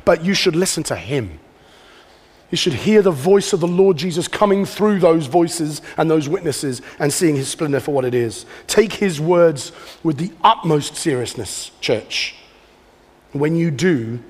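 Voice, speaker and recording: A man delivers an earnest, conversational sermon in a fairly high voice, with a long hall reverb trailing his words from the live church. He speaks plainly to the congregation and poses questions to them. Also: a little mellow, breathy edge. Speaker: preacher.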